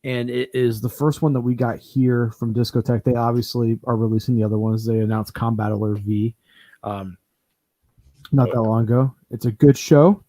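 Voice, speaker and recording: With a mellow, steady, medium-pitched voice and a moderate pace, a man hosts a casual podcast talk show. His chat is loose and rambling, packed with fillers and restarts.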